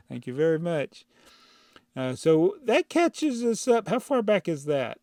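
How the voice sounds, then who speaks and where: This host speaks slowly and pauses often, his fairly high, darkish voice still animated as he answers viewer comments in a casual chat. He rambles, sounds exasperated, and breaks into laughs, captured dry on a clip-on mic inside a brick-built housing in his home studio.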